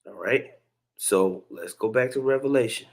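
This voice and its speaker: A man's voice: lowish voice, moderate pace, gravelly. A man hosting a casual religious commentary, chatty and preachy, with chuckling asides between clips.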